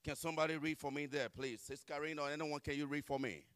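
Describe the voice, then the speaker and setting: A man preaching a sermon and telling his own testimony, impassioned and rising to shouts as he relives the struggle. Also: a little high, fairly even intonation, fast, no echo.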